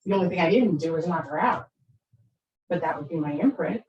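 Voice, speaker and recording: A woman's voice: lowish voice, lively intonation, brisk, a little mellow, highs cut off. A woman in her fifties, a therapist giving a presentation to parents, talking conversationally, often checking in with "right?", and acting out quoted lines with big shifts in her voice. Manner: conversational, keeps asking "right?". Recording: roomy echo, speaker far from the mic.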